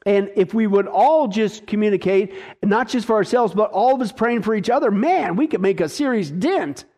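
A man's voice: high-pitched, animated, moderate pace, darkish tone. A man preaching a sermon, emphatic, often checking in with the congregation. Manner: emphatic, repeats rhetorical "right?" to the congregation. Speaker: pastor.

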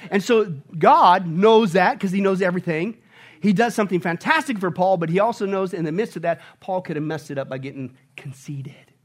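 A man preaching a sermon as pastor, asking the congregation questions and shouting with joy at high points. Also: brisk. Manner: animated preaching, shouting and laughing at peaks.

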